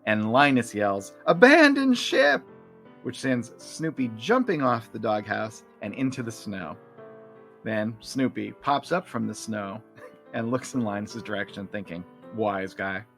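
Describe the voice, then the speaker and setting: A man co-hosting a podcast, chatting casually, laughing often and describing comic strips out loud. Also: on the low side, unhurried, soft background music. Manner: laughs often, animated when reading. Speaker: podcast co-host. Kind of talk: casual chat, reading comic strips aloud.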